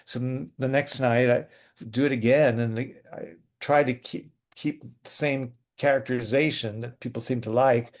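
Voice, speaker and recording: A man being interviewed as a guest, a playwright and actor telling lively theatrical anecdotes in a casual chat. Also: mid-range voice, normal speed.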